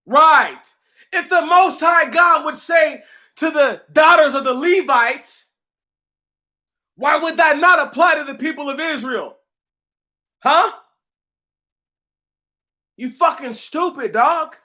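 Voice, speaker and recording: A man's voice: very high voice, takes it slowly, long pauses, pushed and bright. A man hosting his own channel, delivering a heated, profane, mocking rant at commenters. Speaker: channel host answering commenters.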